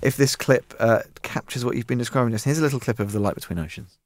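A man presenting a radio arts show, linking items with brisk, wry remarks. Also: mid-range voice, no echo, faint music behind.

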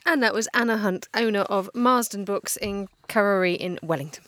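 A woman's voice: medium pitch, normal speed, fairly bright tone. A woman co-hosting a radio show, playful and chatty in casual studio banter. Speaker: radio co-host.

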